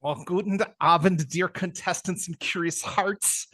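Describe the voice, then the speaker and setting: A man's voice: sits high, fairly even intonation, measured pace, sharp tone, exaggerated voice. A man doing a suave actor. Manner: florid, precise, savoring each word. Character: suave Austrian actor persona, man, urbane and theatrical. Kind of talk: improv comedy impression.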